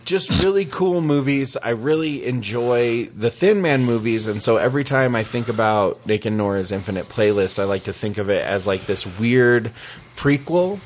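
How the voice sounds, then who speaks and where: A man's voice: medium pitch, expressive, moderate pace. Man, podcast host, casual rambling chat, laughs a lot, slight background hiss. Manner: rambling, laughs often, swears.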